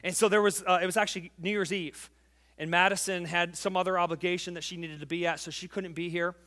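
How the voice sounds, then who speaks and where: A man in his forties preaching a sermon as pastor, fervent and emphatic, telling a family story and dropping to quiet intimacy. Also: high voice, steady tone, fast talker. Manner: tells a family story, acting out the voices.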